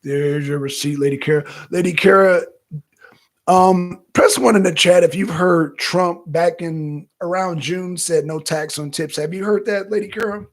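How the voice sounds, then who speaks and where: A man hosting a political talk livestream, animated and repetitive, calling out viewers in the chat. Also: high-pitched, moderate pace. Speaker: talk show host.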